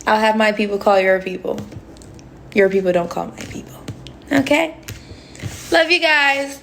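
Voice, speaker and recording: A woman talks loosely to her viewers on a phone livestream. Her voice has a gravelly, fry-laden edge at a mid pitch. She rambles from thought to thought and laughs often. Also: expressive, normal speed, a bit bright, soft background music. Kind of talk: casual livestream chat.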